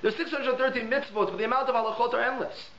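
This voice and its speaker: A man, a rabbi, teaching a holiday Torah lesson with stories, animated and repeating words for emphasis. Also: extremely high pitch, quick pace. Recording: echoey room, dull lo-fi sound, faint hiss.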